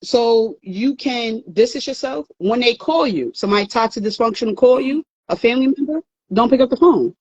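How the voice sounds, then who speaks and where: A woman's voice: fairly high pitch, expressive, a little fast, few pauses, a little mellow, breathy edge, dry recording, dull audio. A woman giving earnest, emphatic advice in a casual talk, often repeating words as she goes. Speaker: therapist host.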